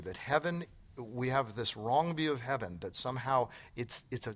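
A man's voice: mid-range voice, a bit bright. A man giving an earnest, emphatic sermon on a church stage, often quoting scripture, then answering questions. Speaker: Bible teacher. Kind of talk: sermon then onstage conversation.

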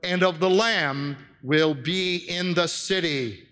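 A man's voice: fairly high pitch, takes it slowly, a bit bright, big-room sound. A man preaching a sermon in a church, teaching earnestly and posing rhetorical questions to his congregation. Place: church with handouts for listeners.

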